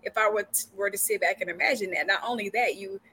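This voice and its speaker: A woman's voice: medium pitch, quick pace, sharp tone, slight background noise, rough recording. A woman co-hosting a casual interview, making affirming remarks to the guest. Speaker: podcast co-host.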